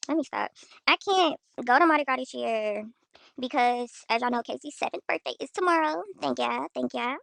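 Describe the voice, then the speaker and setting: A woman's voice: fairly high pitch, gravelly, a bit bright, no room sound. A young woman from Houston, ranting bluntly and profanely to viewers on her own livestream. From Houston, Texas. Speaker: influencer on a livestream. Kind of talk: casual livestream rant.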